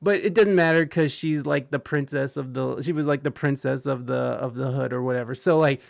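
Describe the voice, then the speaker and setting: A man's voice: mid-range voice, fairly quick, vocal fry. A man in casual chat, telling a rambling, profane story full of restarts and laughter.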